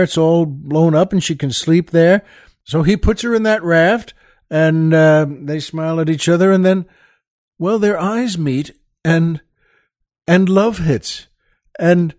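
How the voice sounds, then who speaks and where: An older man hosting his own show, telling a long joke in a halting, rambling way with many restarts. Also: on the high side, a little mellow, no room sound, studio quality. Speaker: podcast host.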